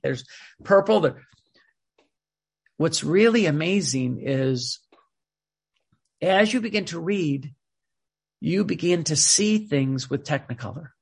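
Gravelly, husky man preaching. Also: on the high side. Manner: emphatic, often restarts and repeats words. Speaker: preacher reading from a spiritual book. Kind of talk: informal sermon with readings.

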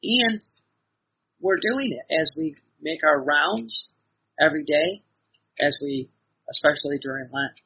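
A man's voice: on the high side, lively intonation, a little slow, gravelly, pauses often, pushed and bright, husky. A man giving an earnest devotional sermon, exhorting his listeners with repeated phrases and frequent restarts, heard on a dull lo-fi recording. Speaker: preacher.

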